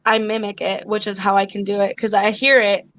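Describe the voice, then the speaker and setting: A woman's voice: medium pitch, level tone, a little fast, fairly bright tone, no room sound, poor audio. Giggly woman auction host. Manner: giggly, self-teasing, scattered. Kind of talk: casual live-stream auction chat.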